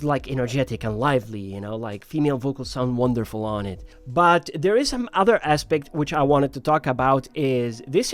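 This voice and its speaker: A man giving a casual, personal review of earphones, talking in a chatty way with many fillers. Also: fairly high pitch. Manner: chatty, personal, frequent "you know" and "like". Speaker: audio reviewer.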